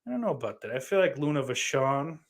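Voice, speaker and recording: A man's voice: medium pitch, very animated, fast. A man co-hosting a podcast, reading live chat comments aloud in crude casual banter, laughing often and swearing freely.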